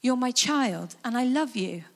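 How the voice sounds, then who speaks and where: A woman voicing a gentle, tender Jesus. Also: a little high, a little slow, big-room sound. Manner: calm, tender repetition. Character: gentle loving Jesus, a man.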